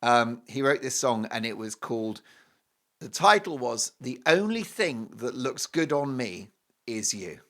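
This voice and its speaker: A man hosting a talk show, delivering a jokey, animated monologue. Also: medium pitch, a little slow. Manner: animated, jokey, breaks into singing. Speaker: host.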